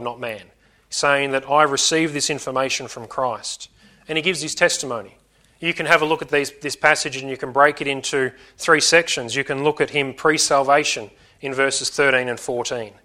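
Male preacher, earnest sermon delivery, bright tone, mid-range pitch. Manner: earnest teaching with repetition and emphasis.

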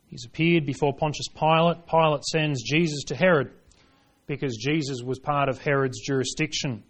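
A man preaching a sermon, reading scripture aloud and driving points home, swinging between hushed lines and forceful ones. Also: on the high side. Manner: reads scripture aloud in King James wording.

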